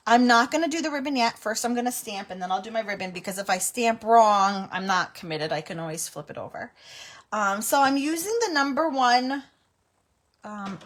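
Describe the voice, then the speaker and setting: A middle-aged woman hosts a live crafting stream, narrating each step in a chatty, giggly way. Her voice sits a little high for a woman, and she keeps talking to viewers as she works. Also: a bit bright. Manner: chatty, giggly, breaks into helpless laughter. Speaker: card-making livestream host.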